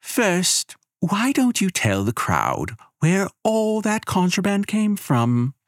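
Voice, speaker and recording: A man's voice: high voice, huge pitch swings, takes it slowly, no echo, studio quality, pitched above the performer's own voice, full character voice. A man voicing a capricious female fire goddess who taunts and threatens, sly and theatrical. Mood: taunting.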